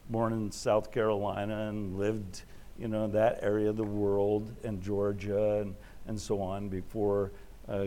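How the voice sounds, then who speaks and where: A middle-aged man preaching a sermon in a relaxed, conversational way, often restarting his phrases as he tells personal stories. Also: medium pitch. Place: Alaska.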